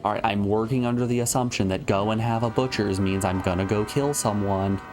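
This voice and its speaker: A man's voice: lowish voice, fairly even intonation, a little fast, over music. A man streaming a video game, joking and thinking aloud in casual commentary.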